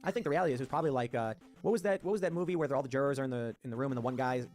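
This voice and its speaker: A man hosting a political talk show, talking quickly and emphatically and acting out quoted voices. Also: medium pitch, darkish tone, faint music behind. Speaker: podcast host.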